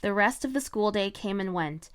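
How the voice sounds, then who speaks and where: A woman narrating her own fan-written story in a measured, even storytelling voice. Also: mid-range voice, smooth. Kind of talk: fan fiction read-aloud narration.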